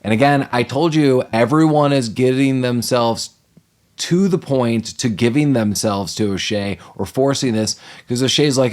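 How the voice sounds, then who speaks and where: A man co-hosting a casual podcast, recapping a film and acting out the characters' lines with lots of "like" and laughter. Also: mid-range voice. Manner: animated, acts out characters' lines in quick impressions. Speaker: podcast co-host. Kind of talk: casual movie recap chat.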